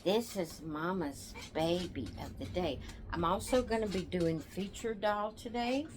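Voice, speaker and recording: A tired woman hosting her own channel, chatting to viewers in a rambling, relaxed way and yawning now and then. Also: on the low side, unhurried. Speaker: doll channel host. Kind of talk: casual chat to viewers.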